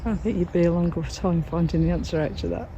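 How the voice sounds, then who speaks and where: A woman's voice: fairly low pitch, fast talker, mellow, lo-fi sound, a little hiss or hum. A woman from the UK vlogging a van trip, chatting and laughing casually. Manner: giggly, chatty. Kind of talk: casual travel chat and voice-over.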